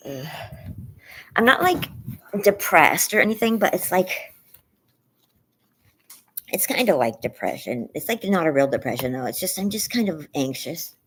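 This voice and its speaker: Woman streamer, sore throat, husky and lowish, weary apologetic chat with lively pitch swings. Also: normal speed, long pauses. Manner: soft, weary and apologetic, baby talk to her pet. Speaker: livestream host. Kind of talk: casual livestream chat. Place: front yard, outdoors.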